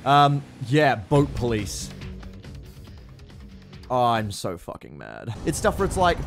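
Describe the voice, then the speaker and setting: An Australian man giving casual, sweary gameplay commentary with sudden shouted outbursts. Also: medium pitch, wildly swooping pitch, slow, gravelly, long pauses, faint music behind. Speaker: gaming streamer.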